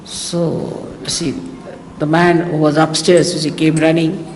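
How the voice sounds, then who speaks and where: A woman's voice: sits low, level tone, a little slow, darkish tone. An Indian woman delivers a spiritual talk in a loose, chatty manner, drifting into teasing stories. Her Indian English accent carries through a long-echoing hall. A faint hiss from the old 1980s recording stays underneath. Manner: anecdotal storytelling, chatty and teasing. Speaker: spiritual teacher.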